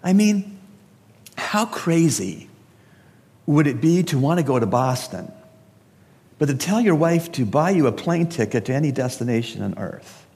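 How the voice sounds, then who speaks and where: Slow, lively-pitched preacher man in a hall. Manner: emphatic preaching with rhetorical questions. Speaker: pastor. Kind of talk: funeral sermon. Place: church service. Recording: long reverb of a large hall.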